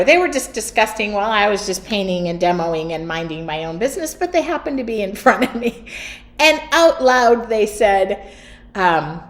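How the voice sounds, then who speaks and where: A middle-aged woman hosting her art studio stream, talking loosely and loudly with frequent laughs. Her voice sits a little high. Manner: chatty, laughs often, loud. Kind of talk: casual chat during a livestream.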